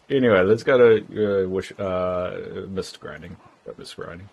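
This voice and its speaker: A man's voice: deep voice, a little slow, vocal fry, a little mellow, slightly rough. A man chatting casually and frankly while streaming a game, rambling from thought to thought. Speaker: livestreamer. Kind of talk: casual gameplay chat.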